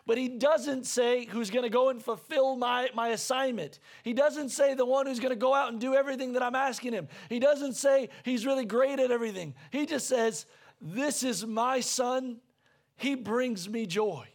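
Gravelly, high-pitched preaching man. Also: steady tone, brisk, few pauses. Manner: earnest, conversational preaching with repeated restarts; raises his voice to near shouting when stirred. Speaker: pastor. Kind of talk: sermon.

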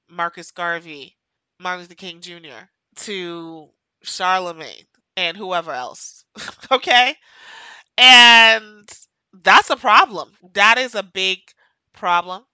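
Impassioned woman podcaster, sharp bright voice. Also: fairly low pitch, clear, resonant tone, no echo, low-quality recording. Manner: impassioned, emphatic, repeats key phrases. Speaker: podcast host. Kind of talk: emotional solo podcast monologue.

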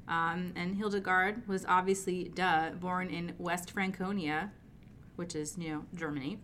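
A woman's voice: on the low side, fairly even intonation, a little slow, a bit bright, a little hiss or hum. A woman co-hosting a podcast, chatting loosely over wine and laughing often. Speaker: podcast co-host. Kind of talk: casual chat over wine.

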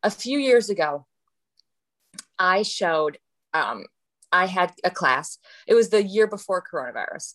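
A woman on a podcast, an elementary school teacher, chatting casually and telling lively stories. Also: fairly low pitch. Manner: animated storyteller, acting out voices.

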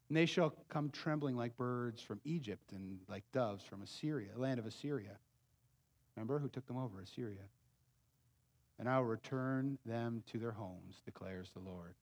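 A man preaching a sermon as pastor, moving between loud emphatic peaks and hushed, low asides. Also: animated, unhurried, pauses often. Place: church sanctuary. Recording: long church hall reverb.

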